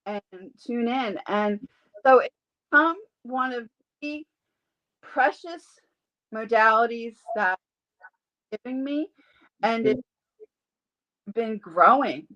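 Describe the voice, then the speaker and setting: This woman talks like she's sharing a favorite story with a friend. She's animated and slips into little voices for the characters in her tale. Her voice sits a little higher than most. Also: slow pace, pauses often, muffled recording. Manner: animated storyteller who acts out quoted voices. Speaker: guest, animal communicator and Reiki healer. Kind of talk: casual interview storytelling.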